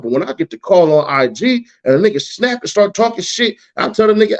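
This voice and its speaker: A man tells a story in loose, profanity-laden slang, jumping into other people's lines as he quotes them. His voice sits a little high for a man. The recording is dull and lo-fi. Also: fast, hardly any pauses. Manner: profane, animated, acts out quotes in a higher voice. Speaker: guest, YouTuber. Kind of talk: casual storytelling. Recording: dull lo-fi sound.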